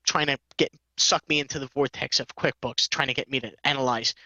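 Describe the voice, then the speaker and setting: Bright rambling man telling a tech story. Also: mid-range voice, fairly even intonation, brisk, no echo. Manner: rambling storyteller, acts out quotes, laughs often. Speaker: podcast co-host. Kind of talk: casual chat.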